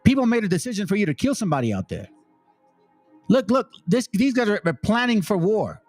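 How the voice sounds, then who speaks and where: A man's voice: high-pitched, sing-song, fairly quick, a little mellow, no echo, faint music behind. A man hosting a channel, giving blunt, preachy commentary on video clips, swearing freely and reading scripture aloud in a stately cadence.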